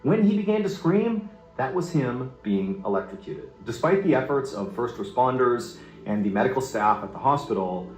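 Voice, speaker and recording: A man narrating a true story in a casual, animated way, building suspense with casual asides. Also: medium pitch, normal speed, echoey room, soft background music, low-quality recording.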